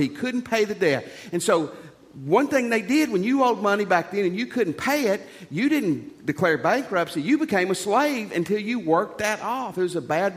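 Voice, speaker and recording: A man preaching a sermon as a pastor, folksy and animated, with jokes and rhetorical questions. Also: sits high. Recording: long reverb of a large hall.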